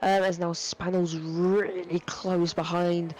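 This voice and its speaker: A man's voice: high voice, level tone, takes it slowly, a little mellow, poor audio. A young man giving live sim racing commentary, rambling with lots of fillers and self-corrections. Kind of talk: live esports race commentary.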